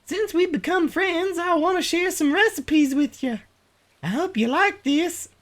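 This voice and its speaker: A streamer voicing a friendly rancher neighbor in a farming game, reading her letter in a high, sing-song voice. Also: measured pace. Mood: cheerful.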